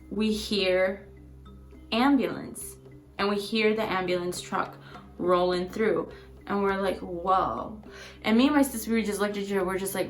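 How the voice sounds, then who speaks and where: A woman's voice: medium pitch, fairly bright tone. A woman vlogger telling a personal story in a chatty, rambling way, full of fillers. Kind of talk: casual storytelling.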